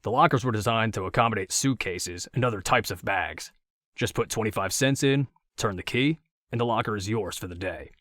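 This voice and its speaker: A male audiobook narrator with a lowish voice, reading in a steady, measured way. The sound is close and dry, with no room echo.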